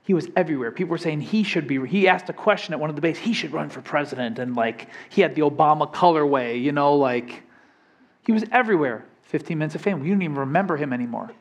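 Young male preacher, casual sermon delivery, voice sits a bit high, keeps checking in with the congregation. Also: fast. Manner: conversational preaching, asks congregation questions. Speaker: pastor.

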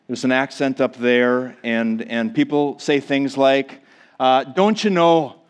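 A man's voice: medium pitch, flat delivery, takes it slowly, clean tone. A man in his forties from Minnesota with a Minnesotan accent, giving a casual, joking, self-deprecating sermon to his congregation, chatty and full of fillers. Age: 40s. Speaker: pastor.

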